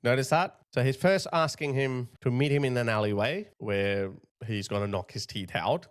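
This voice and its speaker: A man's voice: mid-range voice, normal speed, smooth. A male commentator giving emphatic, indignant opinion commentary on a video he plays. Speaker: political commentator.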